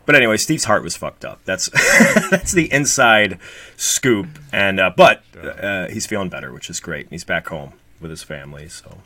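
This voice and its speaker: A man in his late thirties talks casually and candidly, restarting sentences and swearing as he goes. His voice sits low but swings widely in pitch. The sound is bright and dry, close on a proper microphone. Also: very animated, normal speed, dry recording. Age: 30s. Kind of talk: casual chat. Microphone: proper studio microphone.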